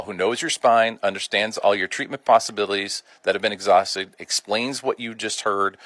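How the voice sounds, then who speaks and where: A man's voice: lowish voice, fairly bright tone, no echo. A middle-aged man, a doctor hosting a radio health show, talking informally in a folksy, chatty way with colloquial asides.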